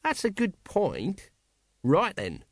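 A male narrator voicing a nervous, slow-witted middle-aged sergeant in a storybook reading. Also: high voice, huge pitch swings, no room sound, clean studio sound, voice pushed up, exaggerated voice. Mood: anxious.

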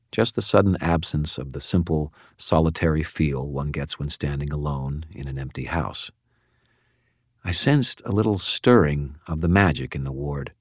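An extremely deep male voice reads a first-person story in a wry, measured way. The recording is close and bone-dry, with no sense of room. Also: a little mellow, no room sound. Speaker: narrator. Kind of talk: first-person audiobook narration.

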